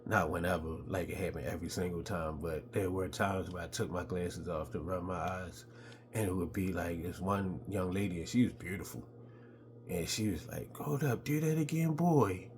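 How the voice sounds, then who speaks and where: A middle-aged man telling stories from his childhood in a laid-back, casual way, with a high voice when he quotes other people. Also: fairly even intonation, moderate pace, slight background noise. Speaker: podcast host telling stories. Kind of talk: casual storytelling.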